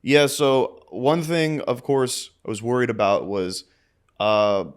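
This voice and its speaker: A young man co-hosts a casual sports podcast, swearing freely and talking trash with a brash edge. His pitch sits in an ordinary middle range. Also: expressive, takes it slowly, clean tone. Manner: brash, profane trash talk. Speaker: podcast co-host.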